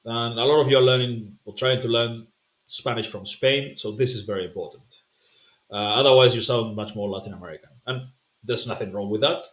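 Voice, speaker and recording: A man at an everyday middle pitch coaching pronunciation, talking it through with lots of "uh"s and repeated sample sounds. His voice carries a noticeable roomy echo. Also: brisk, a bit bright. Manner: explanatory, repeats sounds to demonstrate, many fillers. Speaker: language coach. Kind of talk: pronunciation lesson.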